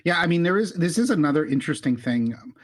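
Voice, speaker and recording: A man's voice: a little high, expressive, fast talker. A man hosting a casual travel podcast, chatty and upbeat, throwing questions to his co-host. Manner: chatty, upbeat, asks questions, hums sound effects.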